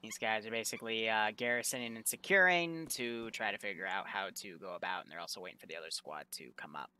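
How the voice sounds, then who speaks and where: A man's voice: fairly low pitch, quick pace, slight background noise. A man running a military simulation game as game master, chatting casually and thinking aloud. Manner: relaxed, thinking aloud with fillers. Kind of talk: casual gameplay commentary.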